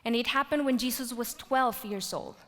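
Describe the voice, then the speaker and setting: High-voiced woman preaching in a reverberant hall. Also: moderate pace. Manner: animated storytelling, rising to loud exclaims and dropping to whispers. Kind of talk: sermon.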